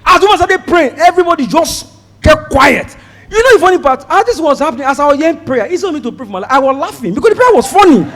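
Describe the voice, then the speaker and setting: A Nigerian man performing stand-up comedy, telling a story in an animated way and slipping into pidgin, with a Nigerian accent. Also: extremely high pitch, quick pace. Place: live comedy show before an audience. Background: audience laughter.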